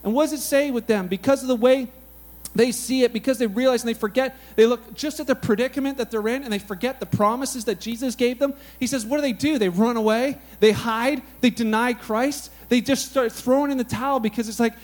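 A man's voice: very high-pitched, fairly quick, darkish tone. A man preaching a sermon in a casual, conversational way, often asking his audience questions. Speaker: pastor.

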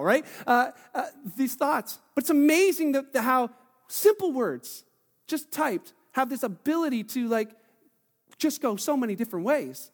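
A man preaching a sermon as pastor, animated and conversational, acting out quoted voices with frequent restarts. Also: very high-pitched, measured pace. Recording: long hall reverb.

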